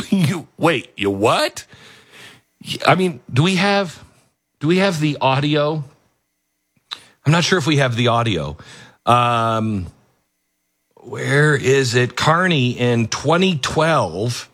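A man hosting an opinionated news commentary, animated and sarcastic, often laughing. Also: medium pitch, slow, long pauses, no echo, clean studio sound. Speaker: commentary show host.

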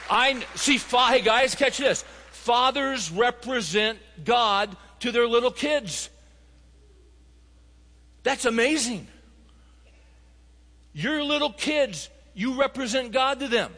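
High, bright-voiced preacher in a hall. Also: male voice, lively intonation, slow pace, pauses often, a faint crowd. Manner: storytelling, rising to emphatic appeals. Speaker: pastor. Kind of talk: sermon.

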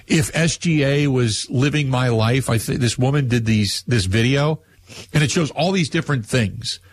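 A man's voice: mid-range voice, normal speed. A man hosting a call-in sports radio show, talking casually and rambling with fillers and restarts. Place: radio studio.

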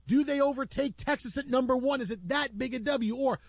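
A man hosting a sports radio talk show, emphatic and animated, repeating phrases for effect. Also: extremely high pitch, a little fast, vocal fry, no echo.

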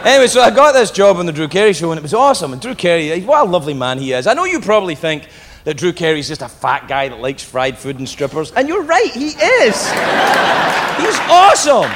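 A middle-aged Englishman doing stand-up comedy, telling stories in a brash, animated way. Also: sits high, a little fast, in a large hall. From England. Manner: brash, animated storytelling, swearing. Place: comedy club stage. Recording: live club, crowd laughter and noise.

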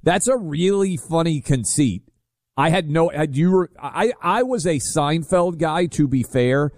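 Radio host dude taking calls, chatty, restarts a lot, dry close sound. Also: male voice, fairly high pitch, expressive, measured pace, darkish tone, dry recording. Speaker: radio talk show co-host. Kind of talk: talk radio banter.

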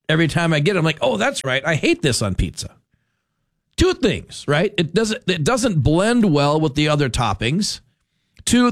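Rambling, animated male radio host. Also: medium pitch, no echo, studio quality. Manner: rambling, self-interrupting, animated opinions. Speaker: radio talk show host. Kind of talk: casual on-air chat. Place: radio studio. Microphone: studio microphone.

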